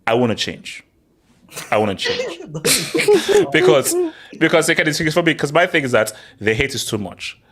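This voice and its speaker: A man hosting a casual football chat, excitable and repeating himself as he argues. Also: on the high side, a little fast. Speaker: show host.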